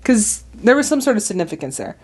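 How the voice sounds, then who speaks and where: A young woman hosting a film reaction, talking in a gushing, excitable way full of "like"s. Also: medium pitch, quick pace, a little hiss or hum. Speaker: host reacting to a classic film. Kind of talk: casual reaction commentary.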